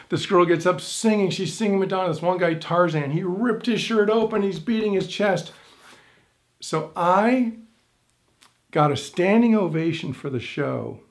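A middle-aged man tells a story with lots of energy and acts out what he was thinking as he goes. His voice sits a bit high for a man. It swings up sharply when he gets excited. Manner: animated storytelling with big pitch swings and quoted inner thoughts. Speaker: stage hypnotist and instructor. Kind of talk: storytelling to camera.

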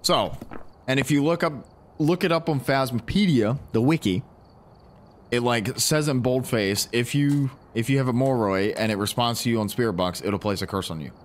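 A man giving casual, animated commentary while playing a ghost-hunting game and talking to his teammates. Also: mid-range voice, normal speed, slight background noise. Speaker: gaming streamer.

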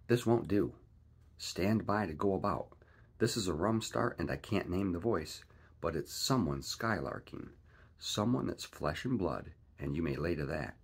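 A man voicing a bold old pirate captain with rough, blustering seafaring talk. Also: low voice, animated, a little slow, exaggerated voice. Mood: defiant.

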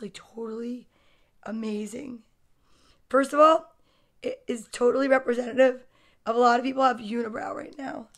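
A woman hosting a casual storytime livestream, chatty and gushing, greeting viewers by name between books. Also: high-pitched. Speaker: storytime host. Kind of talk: casual livestream book reading.

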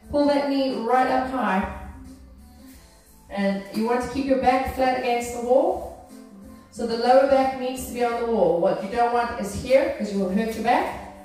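A woman's voice: a little high, mellow. A woman fitness instructor guiding an exercise class, encouraging and checking in with her students as she cues each move. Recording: very echoey room from far off, faint music.

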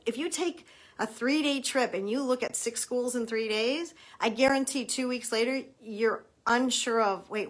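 A woman's voice: on the high side, fairly bright tone. Emphatic middle-aged woman giving advice. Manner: emphatic, acts out quoted dialogue. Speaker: college admissions consultant. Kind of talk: advice talk to parents.

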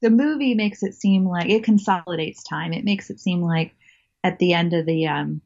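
Chatty low-voiced woman, lo-fi audio. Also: moderate pace, creaky, darkish tone. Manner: chatty, laughs often, many fillers and restarts. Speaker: interview guest, actress. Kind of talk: casual interview storytelling.

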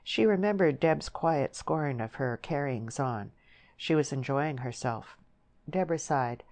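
Low-voiced woman reading a novel. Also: lively intonation, darkish tone. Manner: measured, descriptive storytelling. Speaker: audiobook narrator. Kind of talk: scripted narration.

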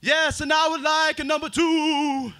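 A man doing an impression of a grand civil-rights orator, speaking in a slow, drawn-out speechmaking cadence. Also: very high-pitched, little pitch movement, bright, forceful tone, pitched above the performer's own voice, exaggerated voice.

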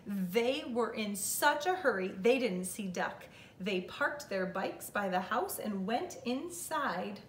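A woman teacher reading a picture book aloud to children, telling the story slowly and expressively. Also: mid-range voice, distant mic, slight background noise. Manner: slow, expressive storytelling for kids. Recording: echoey room with faint ambience.

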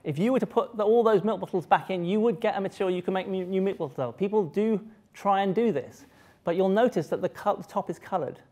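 A man giving a live science lecture to an audience, lively and joking, often breaking off and restarting his sentences. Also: sits high, fast. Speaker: public lecturer. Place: lecture hall.

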